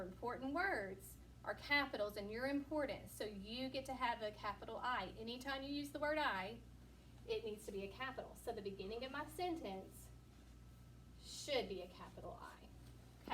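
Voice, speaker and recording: A woman teacher giving a recorded lesson to young children, patient and encouraging, asking questions and pausing for answers. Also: a little high, lively intonation, fairly bright tone. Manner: slow, patient, encouraging, asks questions and pauses. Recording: distant mic, faint room noise.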